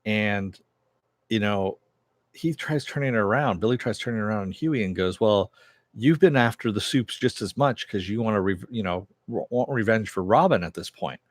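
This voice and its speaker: A man's voice: lowish voice, moderate pace, dry recording. A man casually recapping a TV episode, retelling scenes loosely with lots of fillers and quoted lines. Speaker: TV show reviewer.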